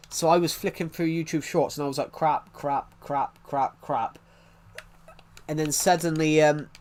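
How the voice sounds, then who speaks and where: A man's voice: fairly high pitch, a little mellow. A young man with a blocked nose, chatting casually on a live stream, rambling, restarting his sentences and swearing.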